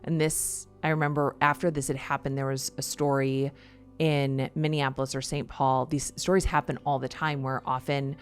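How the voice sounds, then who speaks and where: Middle-aged female host with a deep voice; candid, heartfelt monologue that trips over itself. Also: flat delivery, soft background music. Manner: earnest and confessional, with rushed restarts. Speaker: podcast host. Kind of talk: personal storytelling monologue.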